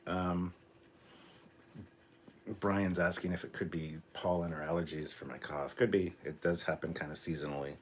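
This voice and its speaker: A Canadian man in his forties hosts a loose live reaction stream in a deep, low voice. He rambles with plenty of ums, reads viewer chat aloud and keeps apologizing for a nagging cough. A faint hiss sits under the recording. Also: steady tone, moderate pace. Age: 40s. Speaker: livestream host.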